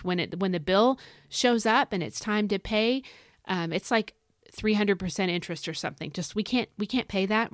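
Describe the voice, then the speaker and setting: A woman's voice: fairly low pitch, no room sound, clean studio sound. A woman hosting a devotional podcast, talking in an earnest, encouraging, conversational way. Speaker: podcast host.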